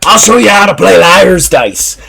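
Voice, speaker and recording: A man's voice: high-pitched, expressive, unhurried, gravelly, a crowd in the background, voice pushed up, heavily acted. Male GM as a bouncy, eager pirate. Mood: placating. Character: jovial pirate man, smooth talker.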